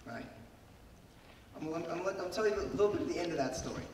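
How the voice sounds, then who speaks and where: Guy preaching to a youth crowd, voice going hoarse, lots of echo, faint room noise behind. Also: fairly high pitch, expressive, fast talker. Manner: storytelling, asks the crowd questions. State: losing his voice. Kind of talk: devotional talk to a group of young people. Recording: echoey hall, speaker far from mic.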